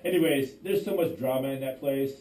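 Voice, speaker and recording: A man's voice: medium pitch, a little fast, mellow, distant mic. A man, co-hosting a casual podcast and telling a story with lots of restarts and quoting himself. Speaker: podcast co-host. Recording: roomy echo, voice away from the mic.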